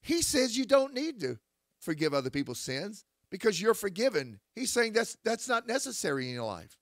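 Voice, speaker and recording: Lively, forceful man preaching. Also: sits high, moderate pace, dry recording, studio quality. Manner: forceful, scripture-quoting, rising to shouts. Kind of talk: critical sermon.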